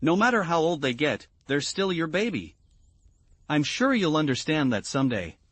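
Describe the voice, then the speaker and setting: A man's voice: on the high side, big pitch swings, normal speed, fairly bright tone, dry recording. A man voicing a falsely sweet mother-in-law. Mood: smug. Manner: cheerful, cloying concern.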